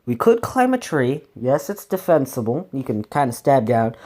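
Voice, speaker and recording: A man's voice: mid-range voice, very animated, moderate pace, darkish tone. A man casually reading a solo adventure gamebook aloud, stumbling over words and breaking off for chatty asides.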